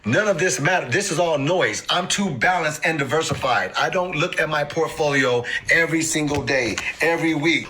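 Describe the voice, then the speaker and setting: Man, fairly high voice with a bright, forceful edge; emphatic street-casual explainer who mimics panicked investors in sudden high bursts. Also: moderate pace, hardly any pauses, a little hiss or hum, rough recording. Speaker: crypto investing host. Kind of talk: animated instructional talk to camera.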